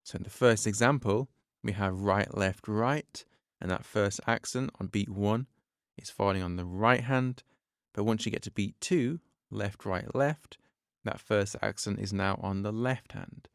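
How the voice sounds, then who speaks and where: Low, smooth-voiced male drum teacher. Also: unhurried, no room sound, clean studio sound. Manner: patient, step-by-step explaining, counts beats aloud. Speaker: drum teacher and podcast host. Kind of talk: podcast drum lesson.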